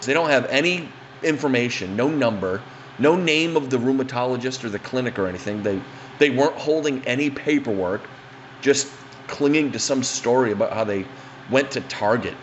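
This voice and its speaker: A man's voice: mid-range voice, normal speed, dull audio, a little hiss or hum. A man telling a funny anecdote in a rambling, profane, casual way. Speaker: storyteller.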